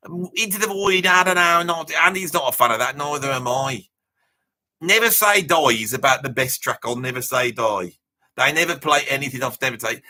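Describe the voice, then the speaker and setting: A man's voice: medium pitch, moderate pace, pushed and bright. A middle-aged man with a Birmingham accent, rambling and joking as he reads viewer comments on a live stream. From Birmingham, England. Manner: rambling, jokey, mock-boastful. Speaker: guest on a live reaction stream.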